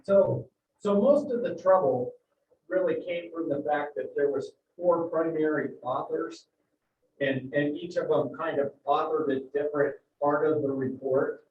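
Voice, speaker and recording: Meeting presenter, male, informal and halting, higher voice, echoey room from a distant muffled mic. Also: a little hiss or hum. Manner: informal, repeats words as he talks. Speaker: work group member presenting a report.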